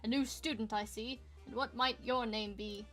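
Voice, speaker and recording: A cold, condescending older professor with a put-on British accent, as a woman reads him aloud. He speaks in clipped, dismissive phrases, his voice sitting high for a man. Faint game music plays underneath. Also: fairly even intonation, normal speed, a bit bright, natural voice. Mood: disdainful. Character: stern older male professor, cold and disdainful.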